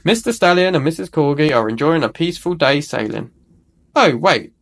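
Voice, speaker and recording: A man reading a picture book aloud to children, expressive, with small self-corrections. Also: a little high, brisk, gravelly. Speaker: storyteller.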